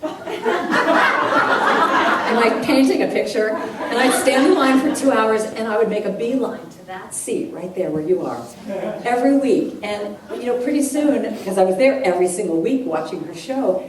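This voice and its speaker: Animated woman storyteller in an echoey hall. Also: on the high side, moderate pace, a crowd in the background. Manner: animated storyteller acting out voices, laughing often. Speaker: guest speaker and singer at a church service. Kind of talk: storytelling talk to a congregation. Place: church hall with a live audience. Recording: echoey hall, heard from a distance, audible noise.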